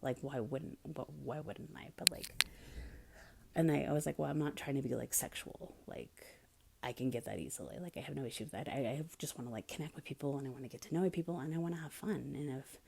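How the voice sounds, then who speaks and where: A woman's voice: rumbling low, quick pace, vocal fry, slight background noise. A young woman hosting a podcast, talking casually and bluntly about dating, with lots of "like" and an occasional drop into a whisper. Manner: candid, blunt, peppered with "like". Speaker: podcast host. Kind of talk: casual monologue.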